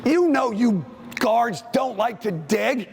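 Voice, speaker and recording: A man coaching basketball players through plays in a school gym, calling out brisk commands. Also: very high voice, animated, gravelly, a little hiss or hum. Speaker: basketball coach leading a clinic. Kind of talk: on-court coaching drill instruction.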